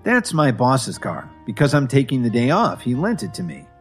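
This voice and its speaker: A man voicing a calm young husband who speaks in an easygoing, smiling way. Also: medium pitch, normal speed, soft background music. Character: calm young husband, unbothered and quietly smug.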